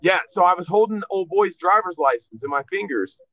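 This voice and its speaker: A man's voice: high voice, expressive, fairly quick, a bit bright, dry recording. Man telling a profane story, dull sound. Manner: loose, profane, rambling storyteller. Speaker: podcast guest. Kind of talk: casual storytelling chat.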